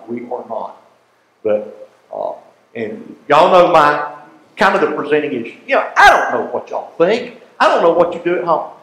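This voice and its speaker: A man teaching a Bible class in a folksy, animated way, often asking the class questions. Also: a little high, roomy sound, low-quality recording.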